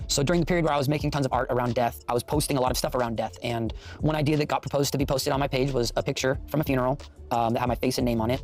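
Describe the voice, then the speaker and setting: Fast-talking earnest man, reflective. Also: medium pitch. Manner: earnest, apologetic, many fillers like "kind of". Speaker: artist and content creator. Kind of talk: reflective casual talk.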